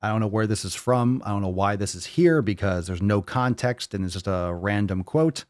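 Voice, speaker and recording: A man's voice: on the low side, moderate pace, a little mellow, no room sound, studio quality. A man hosting a podcast in casual chat, reading posts aloud and rebutting them in a blunt, profane, mocking way. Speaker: podcast host.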